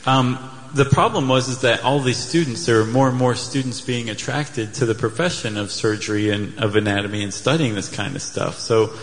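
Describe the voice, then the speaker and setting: A man co-hosting a live podcast on stage, telling history in a jokey way, slipping into silly quoted voices. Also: mid-range voice. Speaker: podcast co-host. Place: theater stage before a live audience. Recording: live hall with long reverb.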